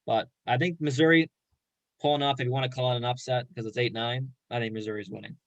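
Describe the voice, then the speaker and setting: A man co-hosts a casual sports chat. He makes his picks with easy confidence and a bit of slang. His voice sits at an everyday middle pitch and sounds dry and close, with no room around it. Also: steady tone, quick pace, fairly bright tone, no room sound, highs cut off. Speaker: co-host.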